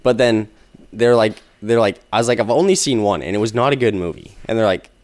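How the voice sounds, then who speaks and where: A man in casual podcast chat, telling funny stories with lively, high-pitched quoted voices. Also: a little fast. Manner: animated storyteller, jumps into high comic voices when quoting. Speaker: podcast co-host.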